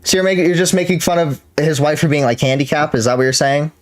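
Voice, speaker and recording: A man's voice: fairly high pitch, fast talker. A man hosting a live stream, arguing in disbelief, swearing freely and leaning on fillers as he pushes his questions. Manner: incredulous and profane, full of fillers and laughs. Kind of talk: heated live-stream argument.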